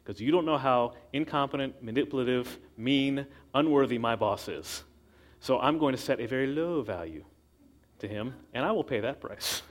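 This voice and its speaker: A man preaching a sermon in a casual, storytelling way, acting out the quotes he tells. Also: mid-range voice. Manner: conversational storytelling with acted quotes.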